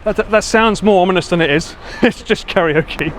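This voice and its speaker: Essex man, IRL streamer, high animated voice, playful teasing banter, faint street noise behind. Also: moderate pace. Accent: Essex English. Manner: lively, laughing, teasing banter with swearing. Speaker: IRL livestreamer. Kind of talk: casual chat with viewers. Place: outdoors walking city streets.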